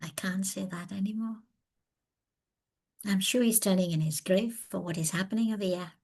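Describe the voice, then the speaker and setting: A woman from overseas, now based in South Africa, presents a webinar lecture over a video call. Her mid-range voice is steady, a little mellow, and slightly rough, at normal speed. She speaks with earnest emphasis and tells her story in a lively, animated way.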